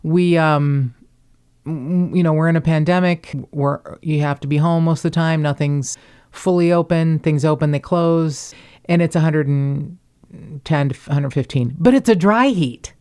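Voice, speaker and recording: A woman's voice: deep voice, moderate pace, mellow, clean tone. A woman from the Cincinnati area hosting a podcast, chatting in a rambling way with wry asides. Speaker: podcast host. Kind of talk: casual chat.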